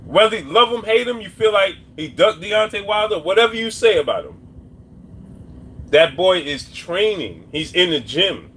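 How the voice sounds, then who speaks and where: A man doing boxing commentary on a live stream, talking casually and repeating his points while shouting out viewers' names. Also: high voice, expressive, moderate pace, slightly rough. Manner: repetitive, shouts out chat names.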